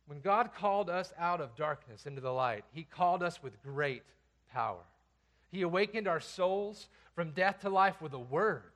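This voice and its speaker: High-voiced pastor preaching with emphatic swings. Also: male voice, animated, moderate pace. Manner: emphatic preaching, swings from hushed to loud commands; reads scripture aloud. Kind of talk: sermon.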